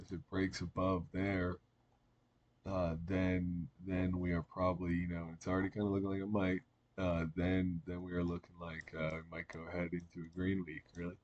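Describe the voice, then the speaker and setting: A man's voice: deep voice, slight background noise. A man giving casual trading chart commentary, rambling with many fillers and restarts. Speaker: market analyst.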